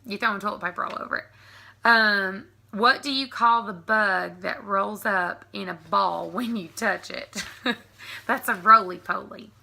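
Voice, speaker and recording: A woman's voice: medium pitch, measured pace, vocal fry, sharp tone. A woman in her thirties with a Southern American accent, chatting casually and giggling through an accent tag video. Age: 30s. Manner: chatty, giggly, frequent ums. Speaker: vlogger.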